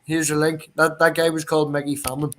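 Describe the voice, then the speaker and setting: Man, higher voice, teasing host chatting over laptop mic. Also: level tone, fast talker, fairly bright tone. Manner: teasing, swearing, laughing. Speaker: live stream host. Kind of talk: casual chat.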